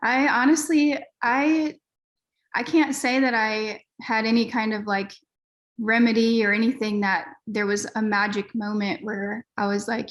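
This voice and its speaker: A woman's voice: a little high, fairly even intonation, a little slow. Earnest woman pastor telling her story. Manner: earnest, candid, frequent fillers. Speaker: pastor, guest. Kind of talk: casual conversational storytelling.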